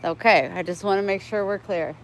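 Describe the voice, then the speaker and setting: A woman's voice: mid-range voice, fairly quick, a little hiss or hum, low-quality recording. A woman vlogging live in casual chat, chatty and plainspoken, talking into a phone outdoors near her home. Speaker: vlogger livestreaming.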